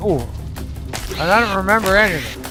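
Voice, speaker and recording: A man's voice: high-pitched, animated, brisk, over music. A man giving casual, profanity-laced commentary while playing a video game with a friend. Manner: chatty, swears freely, reads game text aloud. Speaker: gaming channel host. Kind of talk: casual let's play commentary.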